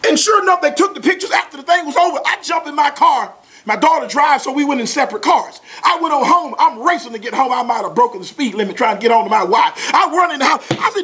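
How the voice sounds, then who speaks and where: A very high-pitched man in his forties, sharp in tone and quick in pace, with lively intonation, gives a motivational talk. He recounts a family story to an audience in a chuckling, folksy, exclamatory way.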